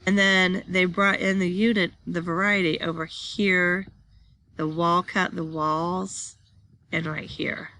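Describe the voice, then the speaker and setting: A woman's voice: on the low side, little pitch movement, slow, pushed and bright. A woman teaching a class, reading slide text aloud and then explaining it while pointing at pictures.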